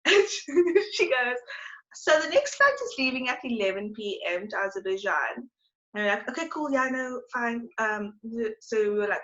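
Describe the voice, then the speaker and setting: Young woman, from South Africa, bright tense voice, rambling chatty co-host, dull lo-fi audio. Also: fairly high pitch, big pitch swings, moderate pace. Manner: rambling, chatty, lots of fillers. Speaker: podcast co-host. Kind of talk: casual storytelling chat.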